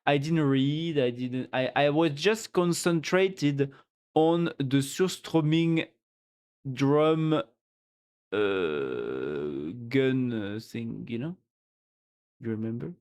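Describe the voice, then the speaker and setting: A French man streams in unhurried English, his words coming slowly with plenty of pauses. His voice sits at an ordinary middle pitch. He laughs easily, teases his friends, and often trails off before starting a sentence again. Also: very animated, a little mellow. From France. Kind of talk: casual live-stream chat.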